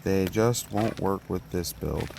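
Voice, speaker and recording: A man's voice: low voice, takes it slowly, creaky. A man giving casual, joking gameplay commentary, rambling with lots of filler sounds as he plays. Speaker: gaming video host. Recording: steady background noise.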